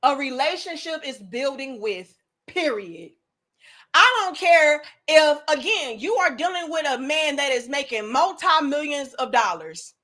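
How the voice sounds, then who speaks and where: A woman's voice: high-pitched, animated, measured pace, pushed and bright. A young adult woman hosting a commentary talk, ranting bluntly and profanely in a preachy way. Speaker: commentary host.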